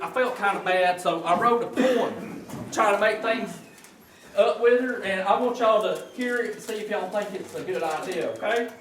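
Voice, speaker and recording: A man's voice: sits high, moderate pace, fairly bright tone. A man doing a folksy comic routine in a church, telling stories in a hillbilly drawl. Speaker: church comedian. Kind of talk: comic storytelling in character. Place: church sanctuary. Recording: echoey church, distant mic, noisy.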